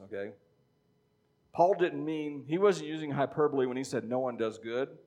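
A middle-aged man preaching a sermon in a conversational teaching style, often checking in with "okay?". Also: mid-range voice. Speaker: pastor.

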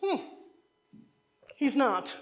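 A woman's voice: high-pitched, big pitch swings, very slow, background noise, pitched above the performer's own voice, heavily acted. A woman voicing her feisty, blunt older mother in a brash, matter-of-fact way while telling a story in a sermon.

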